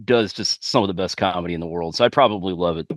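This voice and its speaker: A man's voice: deep voice, fast talker, no echo, studio quality. A man co-hosting a podcast, mostly adding short agreeing remarks during a casual film discussion. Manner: short agreeing interjections between his co-host's lines. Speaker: podcast co-host.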